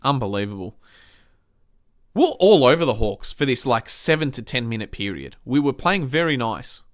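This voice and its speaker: A man's voice: medium pitch, big pitch swings, moderate pace. A man with an Australian accent hosting a football review podcast, ranting heatedly and swearing often. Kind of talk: casual ranting match review.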